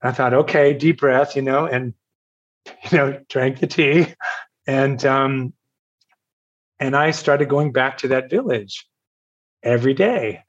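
A man from Virginia telling a personal story in a casual, halting way, with fillers and laughs. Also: mid-range voice, highs cut off. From Virginia, USA.

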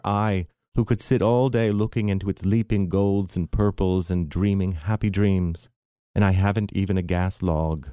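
A man's voice: deep voice, mellow, clean tone, dry recording, clean studio sound. A man voicing a theatrical, bitter, self-pitying aging mother in an arch, mannered way.

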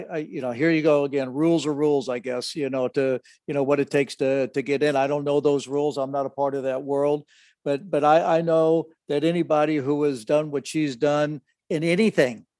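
An older man co-hosting a relaxed conversation, his speech broken by constant restarts and fillers. His voice sits a little high for a man. The sound is dry and close, with no room echo. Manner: halting, many restarts and fillers. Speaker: podcast co-host, father of the other host. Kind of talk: casual chat.

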